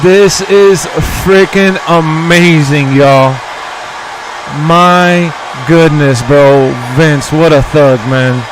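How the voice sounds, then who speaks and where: A man hosting a live-stream watch party, reacting in an excitable, profane way and calling his viewers bro and dog. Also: a little high, drawn-out words, background noise. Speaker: streamer host.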